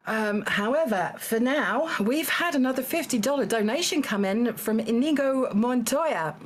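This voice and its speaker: A woman with a mid-pitched voice hosts a live charity game stream. She reads out donations and calls on players politely, with plenty of small fillers. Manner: calm, polite, frequent uh and um. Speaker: game show host reading donations.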